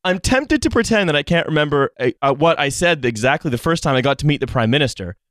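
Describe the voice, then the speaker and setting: A man's voice: a little high, expressive, fast, a bit bright, dry recording. Sarcastic man reading book quotes. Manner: sarcastic, reads quotes aloud with mocking asides. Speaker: podcast co-host reading from a book. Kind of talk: casual comedic podcast chat.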